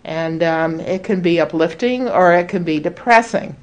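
A woman speaking earnestly and reflectively to a group, explaining ideas with frequent pauses and fillers. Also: fairly low pitch, lo-fi sound. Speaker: speaker leading a spiritual group talk.

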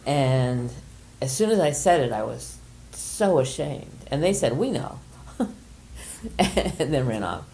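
An older woman with a low, mellow voice guides a small group through a reflective exercise. She talks gently and hesitantly, pausing often and filling gaps with soft fillers. A faint background hum sits under her voice. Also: very animated, vocal fry. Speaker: workshop leader. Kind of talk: guiding a group exercise and sharing a personal story.

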